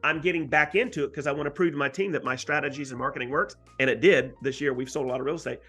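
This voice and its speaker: A man telling an emphatic, animated story as a guest in an interview, with frequent asides to the host. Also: on the high side, very fast, breathy edge, faint music behind. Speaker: guest real estate agent.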